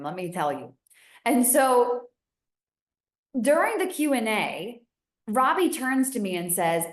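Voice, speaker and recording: A young woman, a business founder and podcast guest, telling stories in a chatty, animated way with many fillers, her voice rising when she gets excited. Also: mid-range voice. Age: young adult. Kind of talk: casual interview storytelling. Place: home in Costa Rica. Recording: echoey room.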